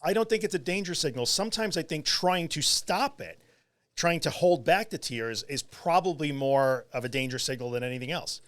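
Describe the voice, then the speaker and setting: Animated, joking male podcast co-host. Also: fairly high pitch, normal speed. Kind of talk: casual chat.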